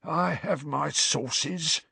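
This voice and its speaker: A man's voice: fairly high pitch, extremely slow, creaky, pushed and bright, slightly rough, dry recording, pitched above the performer's own voice, heavily acted. A man voicing a bitter, wheezing old male caretaker in an audiobook, hissing and furious. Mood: smug. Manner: hissing, furious, self-satisfied. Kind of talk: audiobook character voice.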